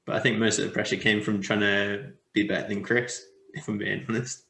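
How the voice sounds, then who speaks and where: Gravelly low Scottish man in echoey room. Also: little pitch movement, fairly quick, bright, forceful tone. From Scotland. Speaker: guest, cricketer. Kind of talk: casual interview chat.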